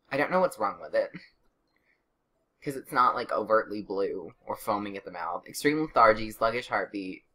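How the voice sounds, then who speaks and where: A woman's voice: very deep voice, fairly bright tone. A young woman casually narrating her life-sim gameplay, chatty and sarcastic, with exasperated outbursts. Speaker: let's play gamer.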